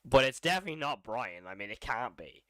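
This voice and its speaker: A man's voice: medium pitch, big pitch swings, quick pace, pushed and bright, dry recording, clean studio sound. A man hosting a casual live horror reaction stream, thinking aloud, rambling and repeating phrases as he goes. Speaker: horror channel host.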